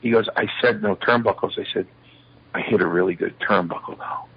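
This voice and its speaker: An older man with a lower-pitched, husky and breathy voice tells fairly quick stories about his past in a shoot interview. He animatedly acts out the lines of the people involved, and the lo-fi audio is slightly muffled.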